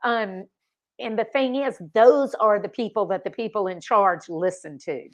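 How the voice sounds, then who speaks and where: A woman's voice: mid-range voice, measured pace. A woman hosts a podcast in a casual chat and sums up the guest's points for her listeners in an agreeable way. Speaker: podcast host.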